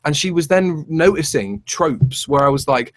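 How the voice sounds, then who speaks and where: A man co-hosting a casual chat show, telling rambling, animated stories with many restarts. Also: on the high side, moderate pace. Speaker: podcast co-host.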